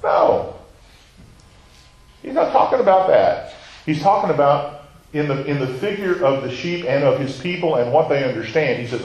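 A man's voice: mid-range voice, animated, fairly quick, darkish tone, reverberant, rough recording. A man preaching a sermon, teaching and asking his listeners questions, acting out quoted lines and sometimes dropping to a near whisper.

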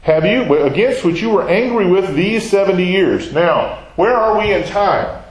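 A man's voice: high voice, animated, unhurried. A man teaching a Bible study, talking conversationally and putting questions to the class. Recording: echoey room.

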